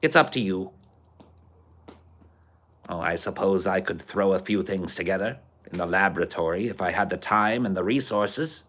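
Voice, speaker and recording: A man's voice: deep voice, moderate pace, fairly bright tone. A man voicing a distracted male scientist who talks in a dry, dismissive way.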